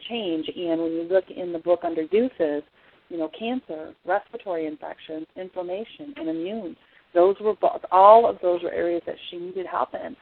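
A woman's voice: fairly low pitch, creaky, slight background noise. A woman giving an earnest personal testimony as an essential oils presenter, telling her story with frequent restarts. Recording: tinny phone-like sound.

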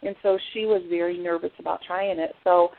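Low-voiced woman on a tinny line. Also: steady tone, fairly quick, gravelly, slight background noise. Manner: earnest storytelling with frequent restarts. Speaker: essential oils presenter. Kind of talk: personal testimony talk. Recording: tinny phone-like sound.

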